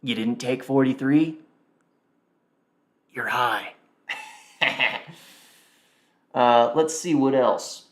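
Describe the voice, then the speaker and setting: A man's voice: medium pitch, very slow, long pauses, a bit bright. A man hosting a live stream, chatting casually and thinking aloud as he reacts and mutters to himself. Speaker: livestream host. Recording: roomy echo.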